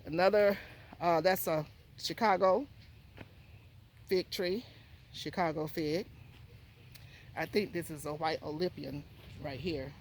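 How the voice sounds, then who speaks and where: A gardening vlogger giving a casual, rambling walking tour of a garden outdoors, out of breath and pausing to recall plant names. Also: medium pitch, darkish tone, slight background noise.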